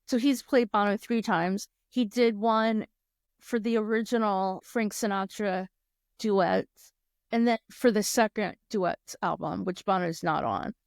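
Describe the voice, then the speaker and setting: A woman's voice: no room sound, studio quality. A woman co-hosting a casual podcast, chatty and laughing often as she recounts things. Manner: chatty, laughs often, quick shifts in pitch when quoting. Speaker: podcast co-host. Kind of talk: casual chat.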